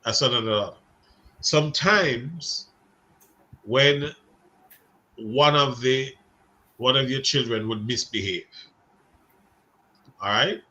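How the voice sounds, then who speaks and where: A man's voice: mid-range voice, slow, pauses often, sharp tone. A man teaching a seminary Bible class in a conversational way, putting questions to students by name.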